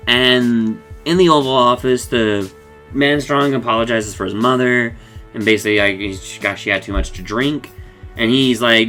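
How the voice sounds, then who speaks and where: A man's voice: mid-range voice, moderate pace, bright, forceful tone, soft background music. A man casually recapping a cartoon episode, rambling and acting out the characters' lines, laughing often.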